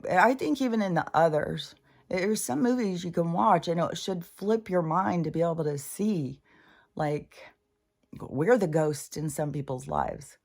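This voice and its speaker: A woman's voice: lowish voice, unhurried, a little mellow. An older woman talking in a rambling, profane, casual monologue as a spiritual channeler.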